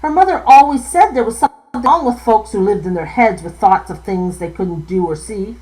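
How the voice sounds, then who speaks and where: A woman's voice: medium pitch, expressive, normal speed, few pauses, mellow, rough recording. A woman author reading a passage from her own novel aloud, now and then stumbling over words and correcting herself.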